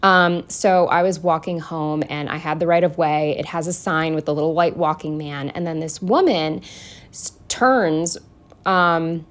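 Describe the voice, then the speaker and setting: A woman in her twenties chatting casually through her planner week, swearing freely and filling pauses with "um" and "like". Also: low-pitched, steady tone. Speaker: planner vlogger. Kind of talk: casual chat.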